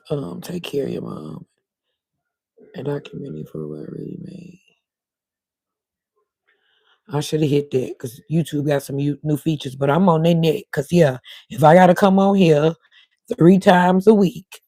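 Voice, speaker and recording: Mellow-voiced woman streaming. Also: low voice, normal speed, long pauses, no echo. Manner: rambling, talks to viewers in chat. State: voice cutting in and out. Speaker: livestream host. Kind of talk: casual livestream chat.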